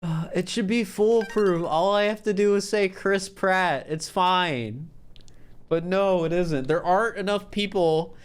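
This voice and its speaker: A man's voice: high-pitched, unhurried, clear, resonant tone. A man streaming a game, chatting casually and joking about his own slips. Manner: chatty, self-mocking, laughs often. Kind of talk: casual gameplay commentary. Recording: faint music behind. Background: faint game music.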